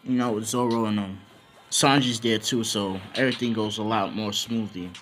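A man's voice: lowish voice, steady tone, moderate pace, fairly bright tone, faint music behind. A young man casually telling an improvised story, slangy and rambling with lots of fillers.

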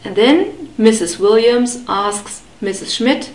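A woman teaching German pronunciation to beginners, patiently repeating each word slowly and clearly. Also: fairly high pitch, roomy sound, poor audio. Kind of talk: slow, careful pronunciation lesson.

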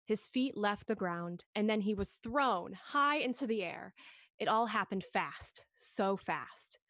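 A woman podcast host reading a story aloud in a gentle, expressive read-along style, lifting her voice for the dialogue. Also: mid-range voice, slow, no echo.

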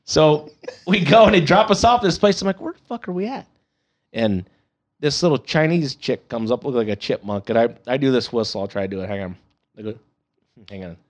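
A man's voice: medium pitch, animated, fairly quick. Profane laughing storyteller man. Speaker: podcast guest. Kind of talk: casual storytelling.

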